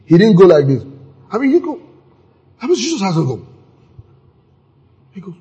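A man preaching a sermon, animated and acting out scenes with sudden exclamations, his voice very husky. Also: high voice, a little fast, pauses often, dull audio.

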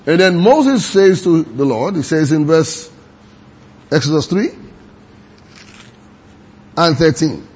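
Husky male preacher, kinda high voice, keeps asking the crowd questions and reads verses slow. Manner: animated, questions the congregation, reads scripture slowly. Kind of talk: sermon.

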